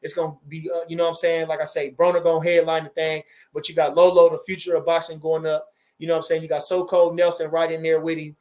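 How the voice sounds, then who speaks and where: A man in his forties with a fairly high voice, chatting loosely on a livestream and answering viewer comments. He speaks, swears freely, and doubles back on his words with lots of animation. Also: fast. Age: 40s. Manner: animated, profane, repeats phrases. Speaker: boxing trainer and livestream host. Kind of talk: casual livestream chat reading viewer comments.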